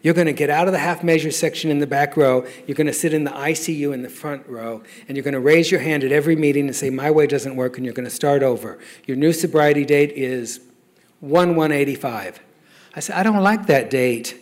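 A man's voice: a little high, fairly quick. Wry, laughing man sharing his story. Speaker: speaker sharing recovery story. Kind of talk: personal testimony talk.

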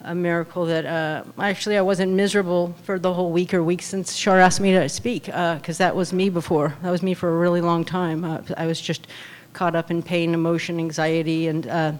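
A middle-aged woman, nervous about public speaking, sharing her recovery story with many pauses, ums and uhs. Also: on the low side, little pitch movement. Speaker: meeting speaker. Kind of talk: personal recovery share.

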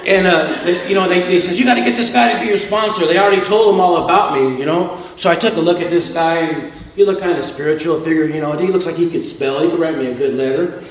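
A man's voice: fairly high pitch, fairly even intonation, fast talker, roomy sound, noisy background. A man telling a humorous recovery story to a meeting audience, with a wisecracking, tough-guy delivery. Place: meeting room with a live audience.

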